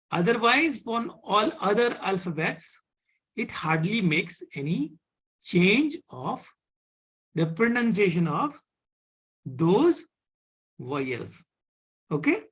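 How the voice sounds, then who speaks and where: A man teaching a live online French class, halting with many fillers and often asking "okay?". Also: high-pitched, big pitch swings, fairly bright tone, breathy edge.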